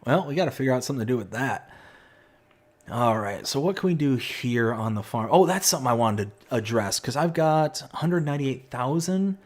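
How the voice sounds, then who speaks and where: Chatty excitable man streaming a game. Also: mid-range voice, brisk. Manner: chatty, excitable, reads chat aloud. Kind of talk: live stream chat while playing.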